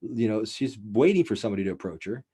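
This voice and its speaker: A man hosting a casual podcast, telling a wild story in a profane, rambling, animated way. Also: fairly low pitch, quick pace, breathy edge. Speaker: podcast host.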